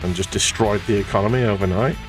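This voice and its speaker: Casting: man, low voice, dry and sweary, a bit off-mic over guitar music. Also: quick pace, far from the mic. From United Kingdom. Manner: sweary, sarcastic, jokey. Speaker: guest painter. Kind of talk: casual stream chat.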